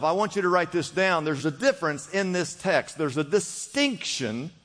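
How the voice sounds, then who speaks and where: A man's voice: high voice, fairly bright tone. A man preaching a sermon in a church, urging his listeners on with repeated phrases. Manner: preaching with rising urgency and repetition. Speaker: pastor. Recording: long hall reverb.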